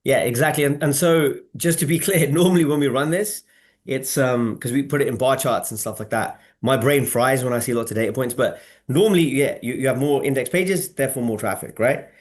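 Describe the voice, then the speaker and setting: A man's voice: medium pitch, brisk. A man hosting a casual marketing webinar on a video call, talking emphatically and asking the audience to respond. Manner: animated, emphatic, asks audience for replies. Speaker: webinar host.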